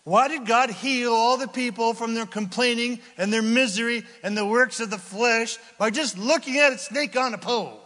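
A man delivering a sermon in a high voice, loose and animated, slipping into casual voices to act out scenes. His voice rings with a long reverb from a large hall. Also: normal speed, hardly any pauses. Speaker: pastor.

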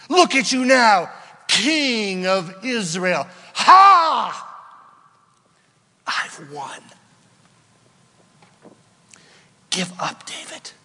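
A man voicing a cruel, mocking male spirit that shouts taunts at a hunted king. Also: very high voice, big-room sound, voice pushed up, heavily acted.

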